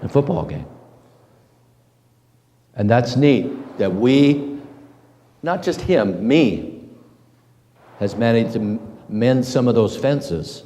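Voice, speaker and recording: Slow earnest man in a reverberant hall. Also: mid-range voice, animated, warm tone. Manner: slow, halting, earnest, with self-questioning. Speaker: men's group speaker. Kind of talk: reflective personal testimony talk.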